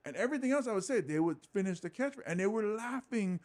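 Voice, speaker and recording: Talking fast in a high-pitched voice, a Hawaiian stand-up comedian shares stories during a relaxed interview. He gets animated, performing the quoted lines in character voices.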